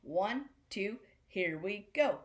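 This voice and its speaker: A woman's voice: medium pitch, lively intonation, slow pace, heavy background noise. A middle-aged woman teaching a beginner drum class, chanting rhythm patterns aloud with food words. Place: senior center class room.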